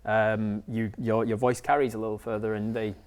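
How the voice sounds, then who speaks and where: A man's voice: on the low side, flat delivery, normal speed, a little hiss or hum. A man narrating as game master of a tabletop game, rambling, with many fillers and restarts.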